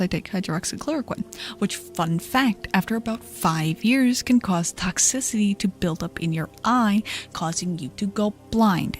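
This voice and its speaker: A young adult woman streamer telling a story in casual chat, animated and profane, often laughing. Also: medium pitch.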